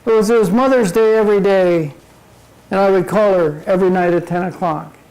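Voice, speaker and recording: An older man giving a humorous motivational talk at a club meeting, telling jokes deadpan. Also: sits high, a little fast, low-quality recording. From Minnesota. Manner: deadpan joke-telling to a laughing audience. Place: meeting room before a live audience. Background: audience laughter.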